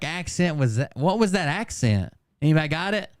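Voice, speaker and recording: A man's voice: on the high side, very animated, brisk, no echo, clean studio sound. Blunt, sarcastic man reacting live. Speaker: channel host reacting to clips. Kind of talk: live-stream reaction commentary.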